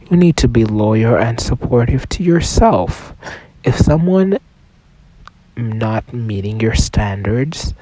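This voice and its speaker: A man's voice: mid-range voice, dark tone, rough recording. A man hosting a solo self-help podcast with a cold, talking casually, swearing freely and sometimes dropping into a whisper. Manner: casual, swears often, loose and chatty. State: has a cold, voice rough. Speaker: podcast host.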